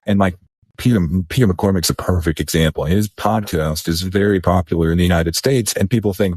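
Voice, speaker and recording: A man's voice: deep voice, fairly quick, darkish tone, husky, no echo, clean studio sound. A man co-hosting a podcast in casual chat, rambling and restarting his sentences. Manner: rambling, repeats words, restarts. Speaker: podcast co-host.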